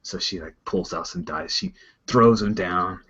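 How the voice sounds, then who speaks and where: A man narrating as game master, with relaxed, loose storytelling. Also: lowish voice, measured pace, creaky, breathy edge, lo-fi sound.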